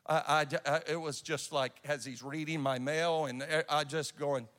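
A man's voice: on the high side, steady tone, a little slow, a bit bright, long reverb tail. A man preaching a sermon and telling a personal story in an earnest way, often restarting his sentences. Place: church sanctuary.

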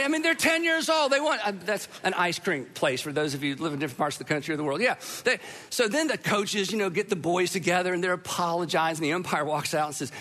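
A middle-aged man preaching a sermon, telling a personal story with self-deprecating jokes and animated asides. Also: high-pitched, fast talker.

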